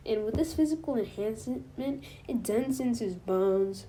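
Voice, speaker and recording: A woman with a mellow, soft-edged voice tells a fan-made story in a loose, casual way. She rambles, leans on fillers and often stops to correct herself mid-sentence. A faint hiss sits under the recording. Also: fairly high pitch, animated, moderate pace, few pauses. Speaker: channel host.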